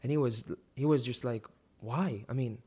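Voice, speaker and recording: Animated young man telling a story. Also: medium pitch, moderate pace, husky. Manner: animated, many restarts and rising emphasis. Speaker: guest sharing a testimony. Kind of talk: personal storytelling.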